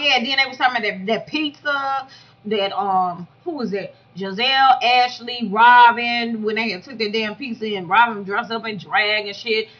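A woman giving blunt, profane, animated commentary on a reality show in a casual vlog. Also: fairly high pitch. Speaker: YouTube commentator reviewing a reality show reunion. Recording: dull lo-fi audio.

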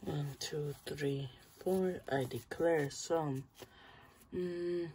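Chatting directly to the audience, a channel host comments casually as he opens trading cards, breaking into excitement over the good ones. He speaks extremely slowly at a medium pitch, with a little hiss or hum present.

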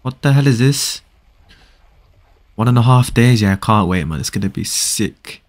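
Lively excitable male game streamer. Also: mid-range voice, normal speed. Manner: excitable, repeats phrases, reads chat aloud. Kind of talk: casual live-stream chat with viewers.

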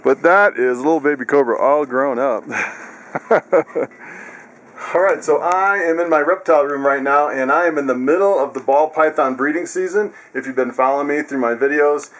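A man's voice: a little fast, hardly any pauses. A man casually walking viewers through his animals in a vlog, chatty and laughing often. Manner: coos in high excited tones at pets. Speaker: vlogger.

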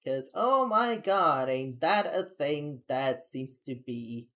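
Low-voiced young woman venting on stream. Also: expressive, takes it slowly, a bit bright. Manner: rambling, candid venting with frequent laughs. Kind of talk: casual live-stream chat.

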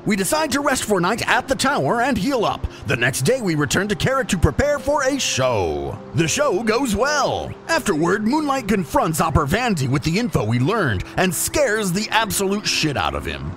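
Man reading a recap with lively pitch. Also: normal speed, faint music behind. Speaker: podcast host and player. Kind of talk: reading credits and a session recap.

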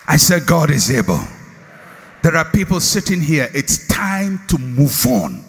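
A man preaches with a husky, slightly raised voice, taking his time over each line. His pitch leaps into shouts and then sinks to hushed, drawn-out refrains. It sounds like a large hall with a long reverb trailing behind him. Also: very animated, a faint crowd. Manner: preaching with dramatic swings from shouts to hushed low phrases; slow, drawn-out repeated refrains. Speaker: pastor. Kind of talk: sermon.

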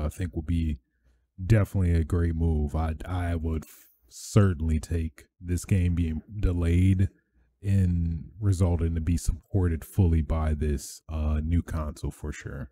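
A man hosting a casual gaming podcast, rambling with many fillers and getting excitable with swearing. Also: deep voice. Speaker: podcast host. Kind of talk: casual solo podcast talk.

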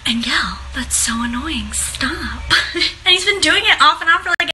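A woman's voice: sits high, animated, normal speed, pushed and bright, slight background noise, low-quality recording. A young woman chatting casually to her viewers on a livestream from her apartment, laughing often and filling her talk with likes and ums. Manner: giggly, laughs often, filler-heavy chatter. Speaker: online seller hosting a livestream. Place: home apartment.

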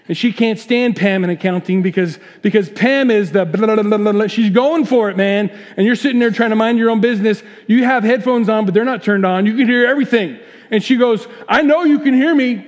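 A middle-aged man preaching a sermon in a church, telling stories with lively voices for the people in them. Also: sits high, long reverb tail. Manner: animated storytelling, voices the people in his examples. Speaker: pastor. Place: church sanctuary.

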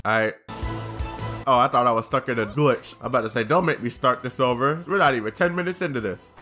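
Bright-voiced man doing game commentary. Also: mid-range voice, fairly quick, faint music behind. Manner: joking, swears, reacts loudly, puts on voices. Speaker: gaming YouTuber. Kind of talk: casual let's-play commentary, reading dialogue aloud.

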